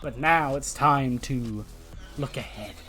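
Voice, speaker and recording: A man voicing a brash female wrestler cutting a slow, drawn-out promo. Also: mid-range voice, sharp tone, soft background music. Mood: showy.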